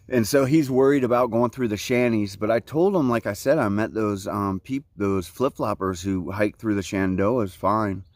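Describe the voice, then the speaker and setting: A man's voice: on the low side, no echo. A man in his forties from Central Florida, vlogging casually on a hiking trail outdoors, with laid-back surfer talk full of "like, you know, man.". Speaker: thru-hiker vlogger.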